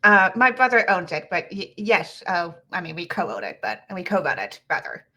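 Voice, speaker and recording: A woman's voice: fairly low pitch, sing-song, normal speed, sharp tone, highs cut off. A woman playing in a tabletop game, talking hesitantly with many restarts. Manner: hesitant, laughing, stop-start. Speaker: player.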